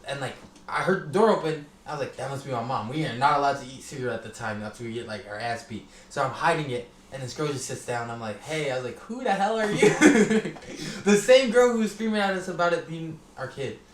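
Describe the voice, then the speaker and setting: A man's voice: mid-range voice, a little fast. A young man casually swapping old stories on a podcast, laughing often, slangy and profane. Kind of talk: casual storytelling chat. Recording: echoey room with faint noise.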